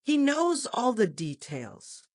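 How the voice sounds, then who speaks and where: A woman's voice: on the high side, wildly swooping pitch, slow pace, a little mellow, no echo, pitched above the performer's own voice, heavily acted. A woman plays a terse, reserved male escort in a storybook reading. He says little and keeps it short. The sound is dry and close. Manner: terse, uncommunicative.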